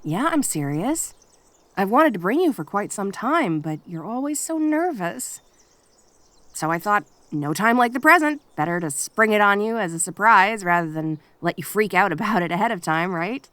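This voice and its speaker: A cheerful kitsune girl, acted by a young woman in an audio role-play, teasing her shy friend with a bouncy, animated pitch. Her voice sits at a middle height, and she turns soft and reassuring when comforting. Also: moderate pace, no echo, close to an everyday voice. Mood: playful. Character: playful protective young female kitsune friend.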